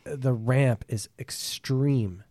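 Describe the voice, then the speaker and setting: A man co-hosting a podcast in casual chat, talking haltingly with fillers. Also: mid-range voice, dark tone, dry recording, studio quality. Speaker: podcast co-host.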